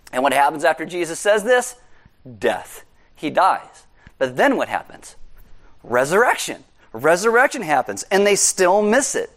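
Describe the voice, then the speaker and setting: A man preaching a sermon as pastor, conversational and animated with jokey asides. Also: a little high, moderate pace.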